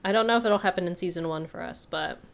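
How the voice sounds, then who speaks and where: A woman's voice: on the low side, fast talker, creaky. A young woman co-hosting a podcast in casual chat, easygoing and asking questions. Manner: easygoing, asks questions, laughs often. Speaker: podcast co-host.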